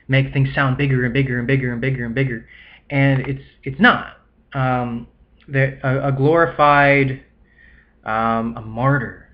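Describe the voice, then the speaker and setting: Young man, casual vlog monologue, restarts a lot, muffled lo-fi sound. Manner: rambling, restarts often, acts out quoted people in a high voice. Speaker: vlogger.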